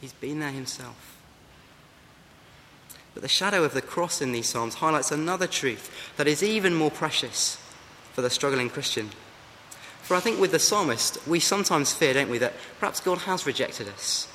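An earnest man preaches a sermon, urging his listeners with rhetorical questions. His voice sits a little high for a man. It rings with the long reverb of a large hall over a faint hum. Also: animated, normal speed, sharp tone.

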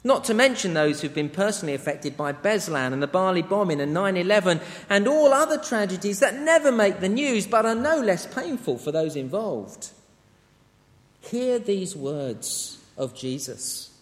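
A man with a high, light voice preaches a sermon in an earnest, measured way, leaning hard on short emphatic words. His voice rings out with a long reverb, as if filling a large church. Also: big pitch swings. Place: church to an international congregation.

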